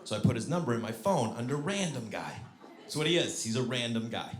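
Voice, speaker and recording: Animated stand-up comedian, man. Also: mid-range voice, fairly quick. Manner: animated, acts out voices with big shouted peaks. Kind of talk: stand-up storytelling. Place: theater stage with live audience. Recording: roomy live venue with crowd laughter.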